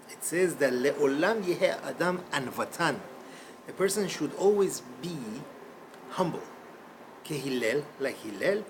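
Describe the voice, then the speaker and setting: A man teaching a Torah class in a classroom, telling a story in an animated way. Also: fairly high pitch, noisy background. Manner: animated storyteller, shifts voice for quotes. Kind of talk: storytelling lecture.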